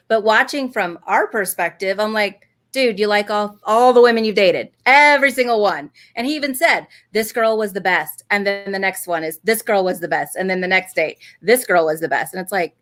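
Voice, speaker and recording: A woman co-hosting a casual TV recap chat, answering with quick, agreeable affirmations. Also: medium pitch, a bit bright, no echo. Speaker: co-host.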